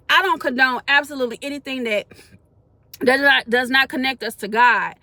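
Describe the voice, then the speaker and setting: A woman's voice: high-pitched, moderate pace, bright, forceful tone, dry recording. A woman in her forties gives a spoken faith testimony. She talks in a colloquial, earnest way that builds into preaching. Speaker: faith vlogger.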